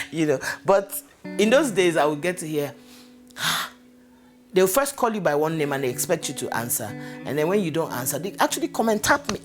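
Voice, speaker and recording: A middle-aged woman with a Nigerian English accent tells candid stories about her childhood, chatty and quick to laugh. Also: deep voice. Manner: lively, chatty, breaks into laughter. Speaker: interviewee. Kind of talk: candid personal storytelling. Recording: voice over guitar music bed. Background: guitar music.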